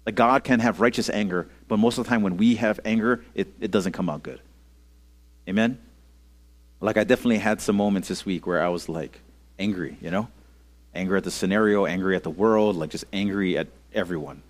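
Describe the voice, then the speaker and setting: A man's voice: low-pitched, fairly quick. A male pastor giving a casual, conversational sermon to young people, often asking "okay?" and "amen?" and leading them in call-and-response. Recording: audio-only sermon recording.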